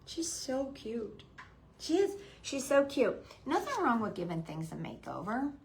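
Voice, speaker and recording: A woman hosting a live craft stream, chatting softly to viewers by name and gushing over the decorations. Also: fairly high pitch, sing-song, measured pace, vocal fry, rough recording. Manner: hushed, half-whispering. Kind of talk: casual live-stream chat.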